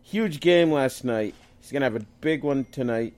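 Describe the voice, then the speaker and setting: A man's voice: medium pitch, moderate pace, a little mellow. A man co-hosting a casual sports chat, loose and jokey, tripping over hard names as he lists his picks. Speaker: co-host picking fantasy lineups.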